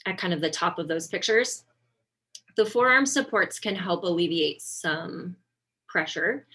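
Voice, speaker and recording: This occupational therapist's voice sits fairly low. She leads a casual webinar lesson with slides, conversational in tone and dotted with ums and self-corrections.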